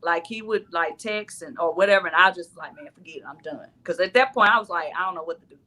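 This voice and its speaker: Bright-voiced woman telling a story. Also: lowish voice, fast. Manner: animated, acts out her own quoted lines. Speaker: reality dating show cast member. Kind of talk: casual storytelling chat.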